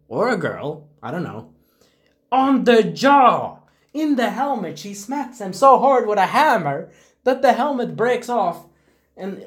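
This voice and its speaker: A young man casually reviewing a show, excitable and swearing, acting out scenes in quick little voices. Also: high-pitched.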